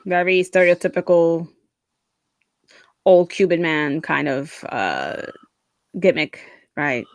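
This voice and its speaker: A woman's voice: deep voice, takes it slowly, creaky, no room sound. A woman co-hosting a casual podcast chat, chatty and laughing often. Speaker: co-host.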